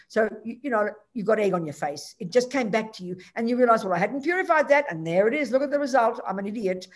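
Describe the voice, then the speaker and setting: A woman teaching Buddhist ideas, answering a student directly and emphatically, acting out quoted lines. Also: on the high side.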